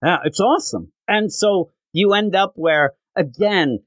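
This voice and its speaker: A man co-hosting a podcast, excitedly recapping a comic book scene in casual chat. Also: sits high, a little slow, no room sound, low-quality recording. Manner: excited, animated recapping with quoted lines. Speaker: podcast co-host.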